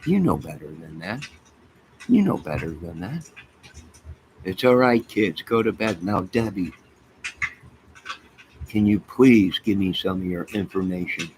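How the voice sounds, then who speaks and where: Man, livestream host. Deep voice, slow unhurried delivery, rambling storyteller, noisy home stream. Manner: rambling, storytelling, talks to chat and to his pets. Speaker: livestream host chatting with viewers. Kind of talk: casual rambling livestream chat. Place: home apartment by a fire. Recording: steady background noise.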